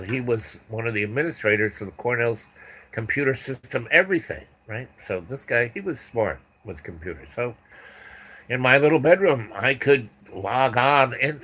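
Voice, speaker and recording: A man's voice: on the low side, pushed and bright. Older man telling a rambling story. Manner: rambling, full of restarts and asides. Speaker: podcast host.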